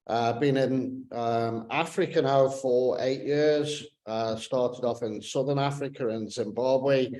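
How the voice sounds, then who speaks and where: A man's voice: mid-range voice, steady tone, takes it slowly, hardly any pauses, darkish tone. Joking northern English man, echoey. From northern England. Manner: joking, teasing. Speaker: team lead, co-presenter. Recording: echoey room.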